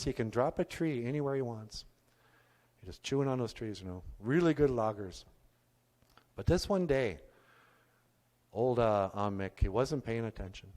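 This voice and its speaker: A male storyteller with a very animated, swooping voice, telling a folksy tale with chatty asides to a live audience. His voice rings out with a long reverb in an arts center hall. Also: medium pitch.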